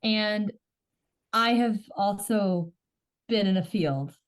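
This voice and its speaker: A woman's voice: mid-range voice, slow. A woman hosting a podcast, chatting casually and searching for words as she describes something. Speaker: podcast host. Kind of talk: casual chat.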